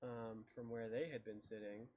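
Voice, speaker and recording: A man running a tabletop game as dungeon master, relaxed and halting, with many fillers and restarts. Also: lowish voice. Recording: dull lo-fi mic.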